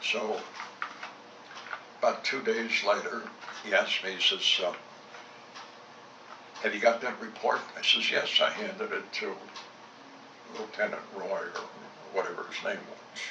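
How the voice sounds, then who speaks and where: Recorded from a distance on a roomy, dull home tape with background noise, this former fighter pilot reminisces about the war, acting out old exchanges in a salty, blunt way. He has a lowish voice, fairly even intonation, and a slightly slow pace that pauses often.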